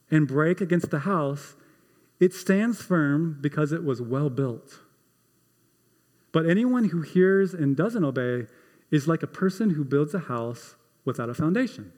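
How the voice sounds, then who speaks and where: A man's voice: a little high, long reverb tail. A middle-aged man preaching a sermon as pastor, conversational and emphatic, with repeated phrases and a self-deprecating touch.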